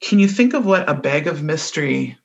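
A woman's voice: sits low, expressive, normal speed, highs cut off. A woman with a Midwestern accent co-hosting a podcast in casual chat, explaining things and laughing often. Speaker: podcast co-host.

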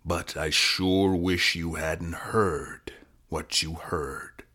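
A man voicing a menacing male police interrogator who talks in a soft, sinister, drawn-out way. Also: sits low, steady tone, pitched below the performer's own voice, exaggerated voice.

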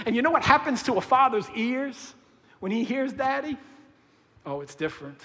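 A bright-toned, high-voiced male pastor preaches a sermon in a church, animated and jokey, then dropping low and hushed. His voice rings out with a long echo through the hall. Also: normal speed.

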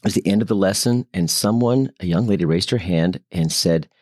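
A man co-hosting a casual Bible study discussion, telling anecdotes in an earnest, animated way. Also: low voice, fairly quick, dry recording, clean studio sound. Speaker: church co-host.

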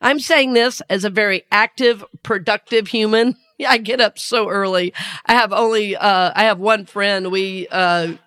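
A woman's voice: medium pitch, steady tone, unhurried, fairly bright tone, clear, resonant tone. A woman with a Southern US accent hosting a spiritual podcast, talking earnestly and laughing often. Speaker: podcast host and spiritual teacher.

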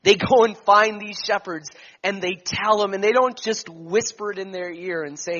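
A man preaching a sermon, slow and emphatic, his voice swelling and then dropping to near whispers. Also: high voice, steady tone, bright, forceful tone, highs cut off.

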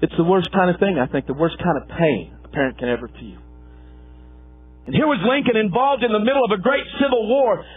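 A man preaching a sermon, telling a folksy coaching story with lively, acted-out quotes. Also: sits high, a little fast, breathy edge, narrow, tinny audio. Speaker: pastor and former football coach.

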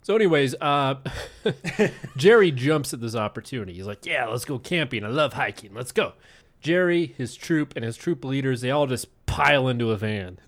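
Relaxed man from Utah narrating a case. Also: medium pitch, normal speed. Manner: relaxed, profane, building suspense. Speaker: podcast host. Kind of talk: casual storytelling narration.

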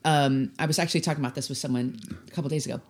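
A woman's voice: very deep voice, steady tone, rapid-fire. A woman who is a guest on a podcast, chatting casually and laughing playfully. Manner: playful, giggly. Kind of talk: casual chat.

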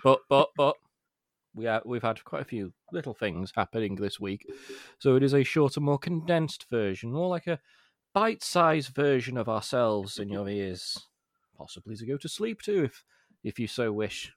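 A man's voice: medium pitch, lively intonation, no echo, studio quality. A man co-hosting a podcast, chatting casually and rambling with jokes. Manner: rambling, quick, jokey. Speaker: podcast co-host. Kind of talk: casual chat.

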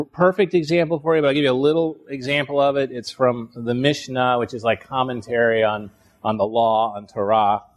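A man teaching a Bible lesson in a conversational way, often restarting phrases and checking in with "right?". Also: mid-range voice.

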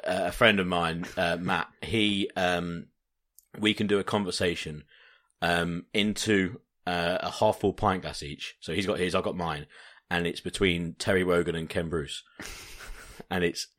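A man's voice: sits low, fairly even intonation, measured pace, fairly bright tone. A man hosting a podcast, chatting casually, rambling and laughing at his own jokes. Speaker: podcast host. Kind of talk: casual chat.

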